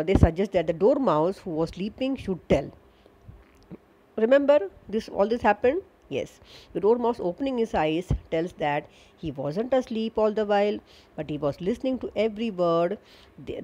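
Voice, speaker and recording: A woman teacher with an Indian English accent and a somewhat low voice reads a children's story aloud to her class. She stops often to repeat lines and explain word meanings, filling pauses with frequent "uh" and "okay.". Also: lively intonation, dark tone, poor audio.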